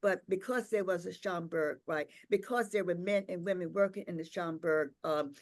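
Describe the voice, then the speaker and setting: An older woman, a professor and invited speaker, tells a personal story at a tribute gathering in an unhurried, reflective way, pausing often on "um" and "uh" and checking in with "right?". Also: lowish voice. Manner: repeats words and checks in with "right?".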